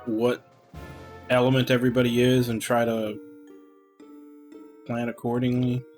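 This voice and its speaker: A man's voice: medium pitch, monotone, measured pace, darkish tone, faint music behind. A man streaming a game, musing aloud in casual commentary as he plans his next moves.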